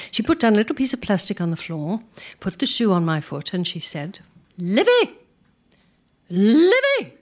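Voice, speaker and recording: An older woman telling career anecdotes to a live audience, animated, acting out what people said and laughing often. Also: mid-range voice. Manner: animated, acts out quoted speech, laughs often. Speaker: performer telling career stories.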